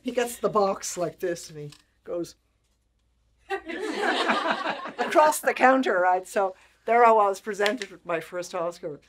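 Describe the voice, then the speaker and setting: Woman, sixties, guest speaker, animated storyteller, acts out quotes, laughs often. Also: mid-range voice, slow pace, pauses often, background noise. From Ireland. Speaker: guest speaker, make-up artist. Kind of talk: storytelling interview talk.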